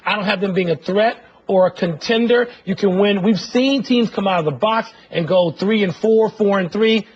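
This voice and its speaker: A man's voice: sits high, normal speed, breathy edge. A man co-hosting a sports show who argues his picks with emphatic insistence. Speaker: sports TV co-host. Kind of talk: argumentative sports banter. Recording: muffled podcast audio with music underneath.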